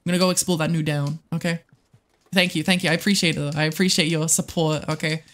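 A young adult streamer giving live game commentary, excitable and prone to swearing, rambling to viewers and to themselves. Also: medium pitch, fast. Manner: rambling with frequent restarts and self-talk.

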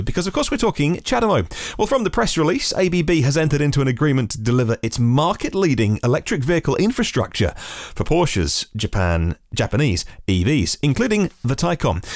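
Lively male news podcast host. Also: mid-range voice, no echo, clean studio sound. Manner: chatty, adds casual asides to the news. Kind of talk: daily news podcast reading.

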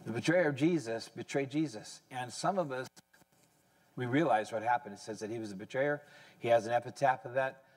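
A slightly rough voice belongs to a pastor in his sixties delivering a conversational sermon. He fixes his own wording as he goes, building to high, excited emphasis.

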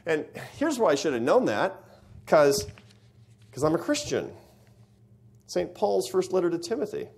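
A man's voice: medium pitch, sing-song, normal speed, darkish tone. A middle-aged man giving a university lecture, telling a story with lots of rhetorical questions to the audience.

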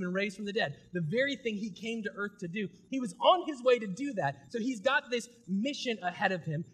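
A pastor with a high, slightly rough voice preaches in a casual, conversational manner. He swings between loud, emphatic bursts and stretches of quiet intensity.

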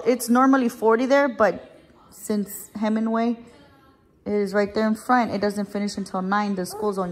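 A woman telling a story to the camera as a family vlogger, chatty and emotional, with some casual swearing, while she drives. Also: medium pitch. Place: in her car while driving.

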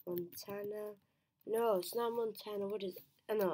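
A woman's voice: mid-range voice, measured pace, dark tone, a little hiss or hum. A woman thinking aloud as she plays a timed quiz, muttering to herself, trailing off, restarting answers and slipping into whispers. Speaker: quiz player.

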